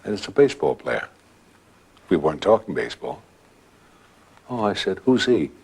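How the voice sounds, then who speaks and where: A man recounts an eerie experience as a guest storyteller, in a dramatic, chatty way. His voice is low and husky. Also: sing-song, normal speed, darkish tone. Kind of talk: spoken ghost anecdote.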